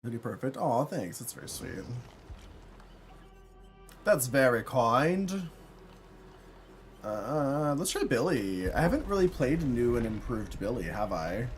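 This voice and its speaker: A man's voice: mid-range voice, slow, pauses often, faint music behind. A man livestreaming a game, chatting casually and playfully with his chat and laughing often. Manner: campy, playful, reads chat aloud; laughs often, yells when excited.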